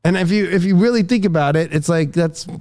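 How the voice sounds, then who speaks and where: A man's voice: sits high, fast talker, darkish tone. A man hosting a casual podcast conversation, telling rambling stories with plenty of swearing. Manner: profane, rambling storytelling. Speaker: tarot reader and podcast host.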